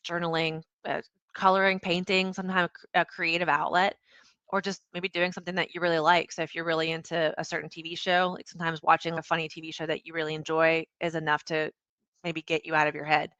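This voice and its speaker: Bright-voiced woman, lively podcast guest. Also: deep voice, fast, smooth, dry recording. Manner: animated, acts out quoted dialogue. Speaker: podcast guest, founder and CEO. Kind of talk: casual interview conversation.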